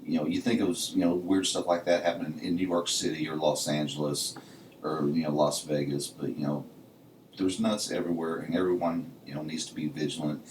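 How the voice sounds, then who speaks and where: A bass-voiced man co-hosts a podcast, speaking briskly with little pitch movement and a slightly mellow tone. He tells stories in casual chat, saying "you know" constantly. The recording has a little hiss or hum, with a distant mic in an echoey room.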